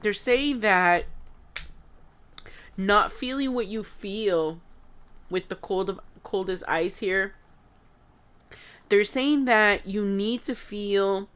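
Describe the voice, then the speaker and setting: A woman giving an intuitive tarot reading, talking haltingly with many fillers and sounding choked up, near tears. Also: medium pitch, clear, resonant tone. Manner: halting, filler-heavy, emotional, addresses viewers as guys. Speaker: tarot reader.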